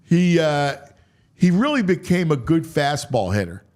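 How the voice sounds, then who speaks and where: Man, sports radio host, lively swooping voice, trips over his words. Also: on the high side, unhurried. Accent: Philadelphia. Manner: animated, stumbling restarts. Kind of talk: sports talk radio chat.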